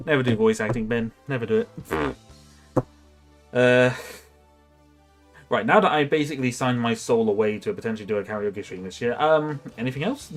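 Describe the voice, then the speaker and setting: A man's voice: medium pitch, moderate pace, faint music behind. A young man chatting casually on a livestream, rambling and self-mocking, laughing often. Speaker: streamer.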